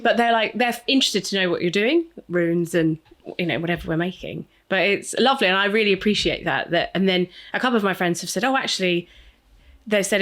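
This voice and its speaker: A woman co-hosting a casual podcast chat, talking in an animated way and acting out the conversations she retells. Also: on the low side. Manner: animated, acts out quoted exchanges. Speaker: podcast co-host.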